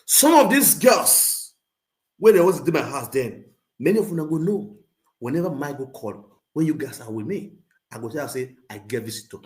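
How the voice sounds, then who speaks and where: A man with a Nigerian Pidgin accent telling a story in an animated rant, swinging between loud outbursts and low muttering. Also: a little fast. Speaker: social media livestreamer.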